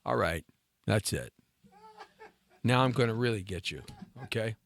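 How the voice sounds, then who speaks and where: A man's voice: lowish voice, lively intonation, measured pace, gravelly, fairly bright tone, no echo. A middle-aged man hosting a live talk show, joking and teasing himself and his cohost in a playful way. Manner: playful, self-mocking, banters with cohost. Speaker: radio show host.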